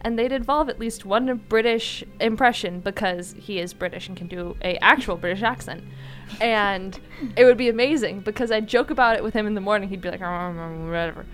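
A woman co-hosting a casual chat, telling anecdotes in an animated way. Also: medium pitch, brisk. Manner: animated storyteller, acts out quotes.

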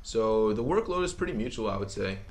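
A man's voice: fairly low pitch, expressive, a little fast, darkish tone. Joking young man, casual chat. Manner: joking, playful teasing.

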